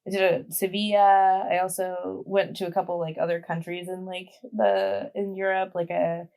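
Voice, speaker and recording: A woman's voice: on the low side, flat delivery, normal speed, gravelly, mellow. Chatty young woman full of fillers. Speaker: podcast guest. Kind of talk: casual chat.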